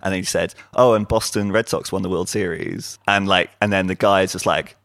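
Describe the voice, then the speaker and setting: A British man hosting a casual chat, rambling and correcting himself, with a gravelly voice. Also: low-pitched, steady tone, moderate pace, a bit bright, dry recording, clean studio sound. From Britain. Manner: rambling, self-correcting, laughs often.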